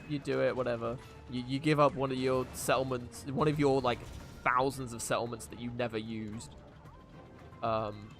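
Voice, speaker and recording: A man's voice: medium pitch, fairly bright tone. A man streaming a video game and chatting casually, rambling with many fillers and restarts. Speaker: live streamer. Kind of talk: casual gameplay chat.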